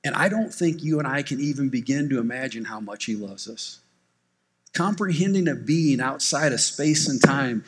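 A man's voice: mid-range voice, slightly rough. A man preaching to his congregation as pastor, talking conversationally and often restarting his sentences. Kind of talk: sermon with personal storytelling. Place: church service.

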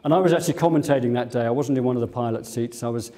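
A man's voice: medium pitch, very fast, dark tone. An older English man, a former airline captain, giving a museum talk full of fond anecdotes and fillers. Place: museum lecture room.

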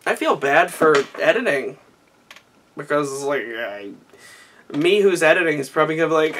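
A man's voice: on the high side, sing-song, normal speed, long pauses, fairly bright tone, recorded from a distance, slight background noise. A tipsy young man rambling through a recap, stammering and restarting his sentences. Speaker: vlogger recapping an anime. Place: small warm room indoors.

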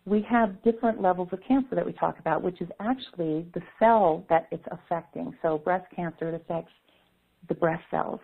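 A woman's voice: lowish voice, gravelly, husky. A woman giving an earnest teaching presentation at an online caregiver summit, repeating key words for emphasis. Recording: phone-line telesummit audio.

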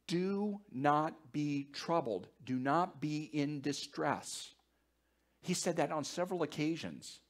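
A male pastor preaching a sermon, animated and joking, with repeated words and fillers as he thinks aloud, sometimes dropping to a hushed near-whisper. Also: medium pitch.

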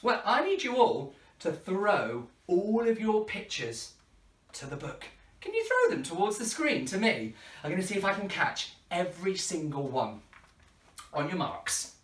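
A man hosting a children's party show for kids watching at home, playful and animated with big gasps and laughs. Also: high-pitched, measured pace. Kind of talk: interactive children's show, talking to viewers at home. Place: room at home. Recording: echoey room, voice far from the mic.

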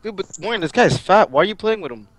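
Teenage boy, high voice, relentless trash talk, headset mic, faint hiss. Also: animated, fast. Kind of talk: gaming voice chat.

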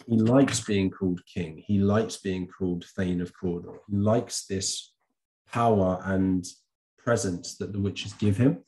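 A man with a low, mellow voice walks students through a revision lesson. He talks casually to the camera and often stops to correct himself or fill a pause with an um. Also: fairly even intonation. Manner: chatty, with frequent ums and self-corrections. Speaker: teacher. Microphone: camera recording.

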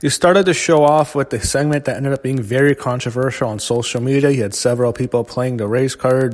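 A man's voice: medium pitch, brisk, few pauses, darkish tone. A man giving a blunt, profane recap of a wrestling show in a casual ranting monologue. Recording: long hall reverb.

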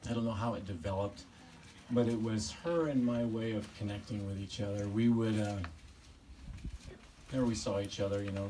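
Man, eulogy at a memorial service, fond and halting, recorded from a distance with steady background noise. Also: on the low side. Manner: halting, fond storytelling, often chuckling. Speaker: family member giving a eulogy. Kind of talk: personal eulogy with stories.

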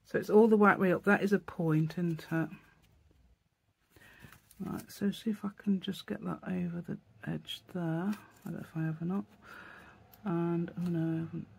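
A woman's voice: fairly low pitch, steady tone, moderate pace, vocal fry, slight background noise. A woman hosting a casual crafting tutorial, thinking aloud as she works and often correcting herself. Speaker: craft channel host.

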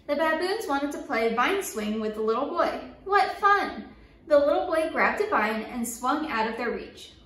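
High-voiced woman reading a children's book. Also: normal speed, hardly any pauses, recorded from a distance. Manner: lively, playful sound effects and call-and-response. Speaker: story time reader. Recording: echoey room, voice a bit off-mic.

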